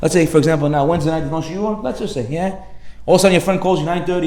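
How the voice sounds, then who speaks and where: Fast, energetic rabbi in an echoey hall. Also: male voice, on the high side. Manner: energetic, animated, slips in Hebrew words and slang. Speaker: rabbi giving a Torah class. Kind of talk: lively sermon with acted anecdotes. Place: synagogue hall.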